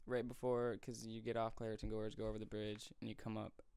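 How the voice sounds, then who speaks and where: Quiet co-host chiming in. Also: male voice, on the low side, completely flat delivery, fairly quick, clean tone, dry recording. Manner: quiet, chiming in with short remarks. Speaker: podcast co-host. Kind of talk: casual chat.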